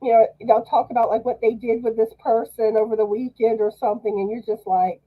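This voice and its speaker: A woman's voice: a little high, level tone, fairly quick, phone-quality sound. A woman guest on a live chat, speaking hesitantly with many fillers and restarts. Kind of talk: casual chat on a live stream.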